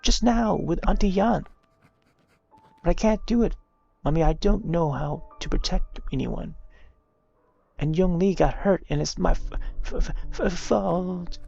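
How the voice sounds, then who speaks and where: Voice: mid-range voice, unhurried, creaky, dark tone, muffled recording, faint music behind, voice pushed up. A streamer voicing an upset young girl in a game, reading her lines in a raised, pleading voice. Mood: tearful.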